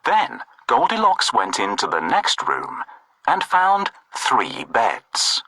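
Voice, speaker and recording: A man's voice: lowish voice, huge pitch swings, slow, over loud music, low-quality recording. A man narrating a children's storybook with a sing-song, swooping storyteller delivery.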